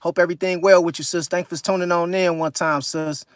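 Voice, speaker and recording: A man with a California accent hosting a casual live stream, reading chat aloud and telling loose, profane, animated stories. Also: high-pitched, brisk, clear, resonant tone, no echo, studio quality. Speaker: livestream host reading chat.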